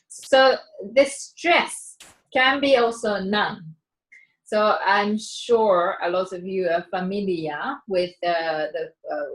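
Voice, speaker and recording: A woman teaching English vocabulary in an online seminar, explaining slowly and patiently with frequent fillers and restarts; her first language is Japanese. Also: mid-range voice, poor audio. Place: online session.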